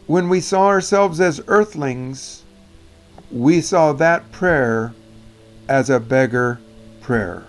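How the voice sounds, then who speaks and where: A man giving an animated, emphatic Bible teaching on prayer, often correcting himself mid-sentence. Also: mid-range voice, slow pace, soft background music.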